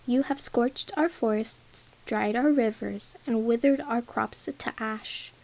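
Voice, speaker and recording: A woman voicing a grave male archer general who speaks steadily and forcefully. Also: fairly high pitch, slow, gravelly. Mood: defiant.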